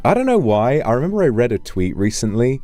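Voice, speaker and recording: A British man streaming live, chatting casually and reading out donations, playful and animated, swearing freely. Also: mid-range voice, fast, soft background music. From United Kingdom.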